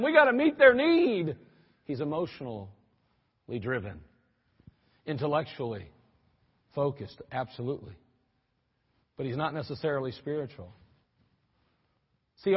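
A man preaching a sermon in a church, animated and lively, acting out quoted reactions with sudden exclamations. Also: high-pitched, husky, in a large hall, muffled recording.

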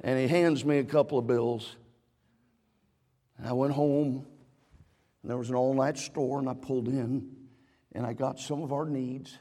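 A man's voice: mid-range voice, fairly even intonation, normal speed, long pauses, dark tone, in a large hall. A middle-aged man preaching a sermon as a pastor, telling a personal story and then building into fervent preaching. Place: church sanctuary.

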